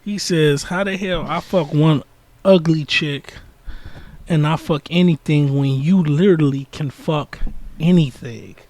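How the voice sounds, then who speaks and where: A man's voice: fairly high pitch, a little slow, a little mellow. A man co-hosting a podcast, chiming in with dry, crude one-liners in casual banter. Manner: dry one-line quips between the other host's story. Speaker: podcast co-host.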